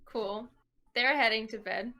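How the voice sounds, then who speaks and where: A woman's voice: fairly high pitch, unhurried, bright, forceful tone. A woman playing her character in a tabletop game, speaking hesitantly in the first person. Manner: hesitant, full of fillers and restarts. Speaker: player.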